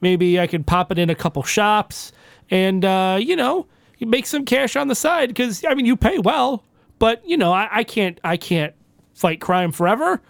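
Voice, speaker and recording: A man's voice: sits high, moderate pace, creaky, no echo, studio quality. A man playing a tabletop game, talking in a rambling, stammering, casual way. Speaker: player. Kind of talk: casual in-character banter.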